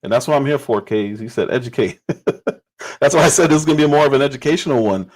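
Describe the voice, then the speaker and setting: A man's voice: medium pitch, quick pace, poor audio. A man hosting a livestream and giving casual political commentary. He talks emphatically and repeats phrases for stress.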